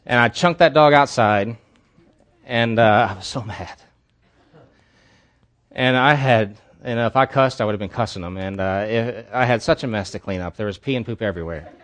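A man's voice: lowish voice, normal speed. A man preaching as a pastor at a church service, telling a candid personal story in an earnest way. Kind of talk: sermon.

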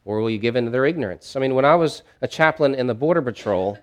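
A middle-aged pastor delivers a sermon in a casual, conversational style. His ordinary male voice, at medium pitch, swings widely, growing loud and emphatic on key lines and falling to near-quiet asides. He sounds animated and speaks at a quick pace.

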